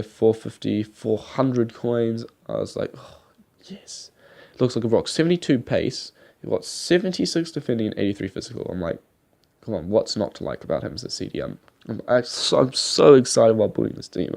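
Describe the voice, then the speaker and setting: A young man talks his way through a football video game in loose, rambling commentary. His voice sits low and mellow with a gravelly edge. He chats like a gaming YouTuber, dropping a casual swear here and there. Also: lively intonation, brisk.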